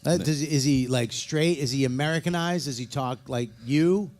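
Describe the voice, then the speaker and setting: A man's voice: mid-range voice, normal speed, a little mellow. A middle-aged man guesting on a live comedy podcast, ranting and joking with a lot of swearing.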